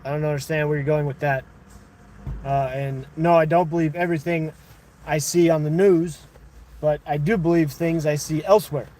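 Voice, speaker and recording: A male streamer talks loosely with his viewers, reading their comments and pushing back on them. His voice sits a little high for a man. A faint hum of ambience and passing traffic lies under the recording. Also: fairly even intonation, moderate pace, warm tone. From United States. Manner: conversational, argumentative with chat, thinking aloud. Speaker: livestream host. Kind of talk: casual livestream chat reading viewer comments.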